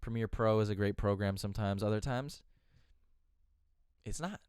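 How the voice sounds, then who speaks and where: A man with a fairly low, clean and resonant voice tells a story on his podcast. He talks candidly and casually, swears freely and often restarts his sentences. The sound is close and dry. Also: normal speed, darkish tone, clear, resonant tone, dry recording. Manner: candid, profane, rambling with restarts. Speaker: podcast host.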